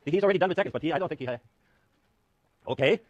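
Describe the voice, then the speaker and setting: A man's voice: fairly high pitch, racing, lo-fi sound. A man giving a university lecture with a live class demo, joking and teasing his students as he works through the numbers. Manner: joking, animated, self-mocking. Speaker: university professor. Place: lecture hall.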